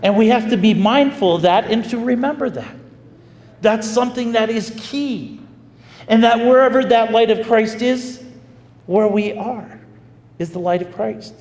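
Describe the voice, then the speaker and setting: A man preaching as a pastor, telling a story in an animated, folksy way. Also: high voice, unhurried. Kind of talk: storytelling sermon. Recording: echoey hall with faint ambience.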